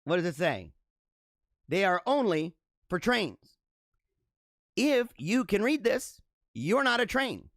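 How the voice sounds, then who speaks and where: A man's voice: high voice, sing-song, slow, long pauses, a bit bright, no room sound, clean studio sound. A young man hosting a casual livestream, reading viewer comments and rambling through laughing asides.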